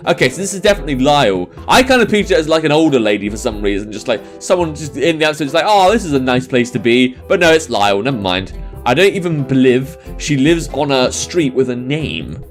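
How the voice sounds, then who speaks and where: A young man reading a visual novel aloud and joking about its misspellings, stumbling and restarting over garbled words. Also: a little high. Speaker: let's-play commentator.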